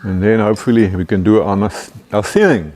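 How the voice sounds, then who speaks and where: A man's voice: fairly low pitch, normal speed, darkish tone. A man with a South African accent hosting a casual workshop vlog, chatty and upbeat, often ending lines with "eh". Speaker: vlog host restoring an old truck.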